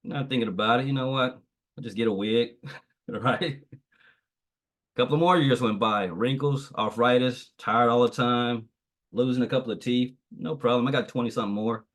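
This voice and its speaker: A man's voice: medium pitch, normal speed. A man giving a motivational training talk on a video call, preachy and repetitive, telling a parable. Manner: preachy, repeats phrases, tells a parable. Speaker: guest trainer.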